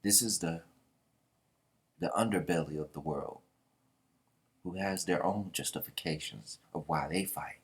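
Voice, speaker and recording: A man's voice: deep voice, unhurried, long pauses, husky. A man casually reading a manga chapter aloud and reacting, with a slangy manner and small character voices. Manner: slangy, reads the characters' lines out loud in voices.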